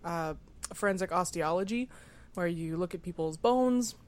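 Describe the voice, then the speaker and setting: A woman's voice: lowish voice, moderate pace, darkish tone. A woman hosting a casual panel chat, chatty and self-mocking, with frequent filler words. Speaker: podcast host.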